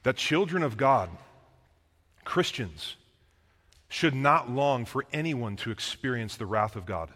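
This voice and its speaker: A man preaching a sermon in an animated, casual way, with slang and emphatic delivery. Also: mid-range voice, a little slow, long pauses. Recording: long echoing reverb.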